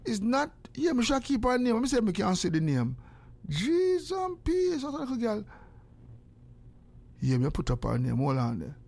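Older jamaican guy chatting and praying, voices the people he quotes, slightly high pitched. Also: fairly quick, vocal fry. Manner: animated, acts out quoted exchanges. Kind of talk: casual storytelling and prayer.

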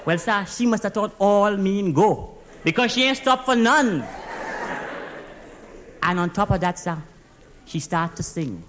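A man with a Trinidadian accent performs a comic monologue as one side of a phone call. He plays a driving instructor reporting to his boss, speaking in dialect with excited storytelling and adding "sir" after almost every phrase. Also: high voice, measured pace, pauses often, slight background noise.

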